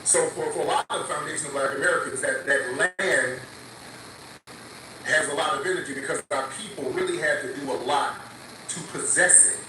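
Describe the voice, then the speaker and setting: An earnest man talks about spiritual things and keeps checking in with his listeners. He sounds distant in a very echoey room. Clear noise sits underneath. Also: on the high side, normal speed. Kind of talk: casual spiritual talk.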